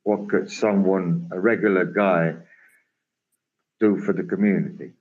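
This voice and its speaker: A low-pitched man with a husky voice tentatively asks questions as a newcomer in a casual online chat. The sound is dull, like lo-fi online audio. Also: fairly even intonation, measured pace.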